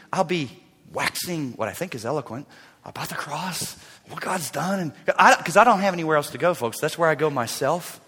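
Male pastor, 50s, bright tenor, sermon in a reverberant hall, dynamic from shouts to whispers. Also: on the high side, breathy edge. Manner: swings from loud preaching to hushed near-whisper asides.

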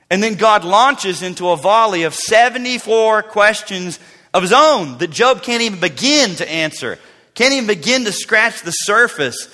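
A man preaching a sermon, telling stories with dramatic swings between loud bursts and hushed asides. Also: on the high side. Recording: long reverb of a large hall.

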